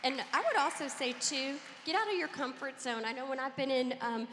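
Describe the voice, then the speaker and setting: A woman's voice: high voice, brisk, background noise. A woman from Kentucky with a Southern accent, speaking as a panelist, earnest and pleading. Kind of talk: convention panel talk. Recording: hall reverb.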